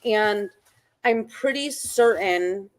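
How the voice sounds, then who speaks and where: A woman's voice: medium pitch, very slow, slight background noise. A woman chatting on a casual livestream at home, blunt and profane in her talk.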